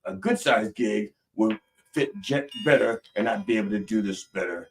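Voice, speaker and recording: A man from northern Maryland with a Maryland accent, hosting a mock sermon and swinging between booming prayers and mumbled asides. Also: normal speed, recorded from a distance. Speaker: comedic preacher host.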